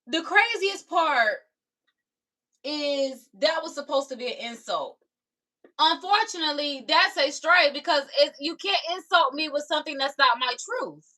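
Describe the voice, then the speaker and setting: Sassy raspy-voiced young woman streamer. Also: high-pitched, expressive, measured pace, sharp tone. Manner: sassy, talks back to commenters. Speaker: live streamer reacting to comments. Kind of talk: casual reaction chat.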